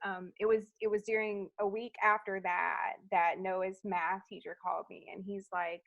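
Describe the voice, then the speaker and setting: A woman's voice: mid-range voice, little pitch movement, moderate pace, vocal fry, fairly bright tone, no room sound, lo-fi sound. A woman in her thirties, a guest in a casual interview, telling stories in a chatty way with lots of fillers. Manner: chatty storyteller, many fillers, acts out quotes. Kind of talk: casual chat.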